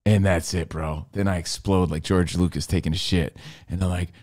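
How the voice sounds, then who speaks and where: A middle-aged man, a podcast co-host, telling a comedic story in an animated way, acting out scenes with shouts and voices. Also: deep voice, moderate pace.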